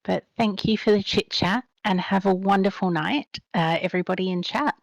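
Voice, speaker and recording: A sleepy woman caller saying goodbye in a gentle, friendly way. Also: mid-range voice, normal speed, dry recording, lo-fi sound. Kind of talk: casual call-in chat.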